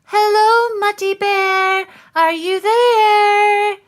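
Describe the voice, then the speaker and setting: A woman voicing an excitable little female moose from a children's picture book, in high squeaky cries. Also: slow, faint music behind, heavily acted. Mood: excited, pleading.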